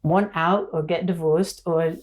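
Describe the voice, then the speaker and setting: A woman's voice: lowish voice, unhurried, noisy background. A woman, a podcast guest telling stories in a casual, emotional way, full of fillers. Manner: emotional, animated, filler-heavy storytelling. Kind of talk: casual conversation.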